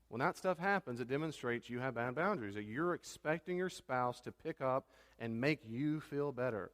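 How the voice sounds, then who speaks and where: Man, pastor giving a sermon, mid-pitched, emphatic, long reverb. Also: expressive, a little fast, few pauses, fairly bright tone. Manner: emphatic, acts out quoted spouses in raised voice. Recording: reverberant hall.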